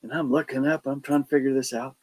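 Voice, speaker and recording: A man telling his paranormal investigation stories in casual chat, animated and acting out the quotes. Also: mid-range voice, fast talker, slightly rough, low-quality recording. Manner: animated storyteller, acts out quotes, laughs between lines. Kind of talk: casual storytelling on a podcast.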